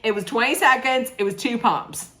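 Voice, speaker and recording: A woman's voice: on the high side, moderate pace, fairly bright tone. A woman recapping a reality show in a chatty, sarcastic way, with laughing asides. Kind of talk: casual chat recap.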